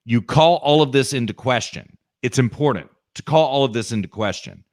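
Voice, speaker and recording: A man's voice: medium pitch, normal speed. A man co-hosting a podcast, talking in an emphatic, opinionated way, often turning to the listener and checking in with "okay?". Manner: emphatic, keeps asking "okay?" and addresses the listener directly. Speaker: podcast co-host.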